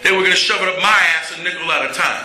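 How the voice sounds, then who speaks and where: A man's voice: high voice, very fast, very noisy. A middle-aged man telling his recovery story to a meeting in a plainspoken, candid way, with some humor. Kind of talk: personal recovery talk. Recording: echoey hall.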